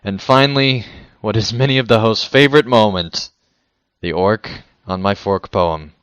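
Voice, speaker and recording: A man's voice: lowish voice, moderate pace, a bit bright, clean tone, no room sound. A man hosting a podcast, talking with enthusiasm and thanking his listeners in casual chat. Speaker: podcast host. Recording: dull lo-fi podcast audio.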